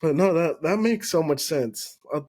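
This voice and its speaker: A man's voice: on the high side, animated, normal speed, darkish tone. Easygoing man hosting a podcast. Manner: affirming, frequent "mm-hmm" and laughs. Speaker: podcast host. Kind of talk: casual interview chat.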